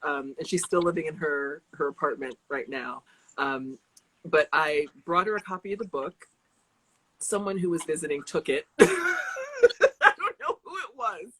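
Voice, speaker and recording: A woman's voice: sits low, sing-song, measured pace, a bit bright, husky, rough recording. A young adult woman chatting casually as an author guest, rambling with restarts and laughing often. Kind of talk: casual interview chat.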